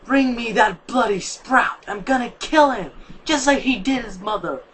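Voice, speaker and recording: A young fan reader voicing an enraged female sunflower plant who yells furious threats in a fan-fiction reading. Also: medium pitch, animated, a little slow, slight background noise, pitched above the performer's own voice.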